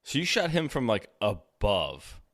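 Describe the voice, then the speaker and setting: A man's voice: on the low side, huge pitch swings, measured pace, a bit bright, no echo, clean studio sound. A man hosting a podcast, reacting to a guest's story with short questions and affirmations. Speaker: podcast host. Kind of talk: casual interview chat.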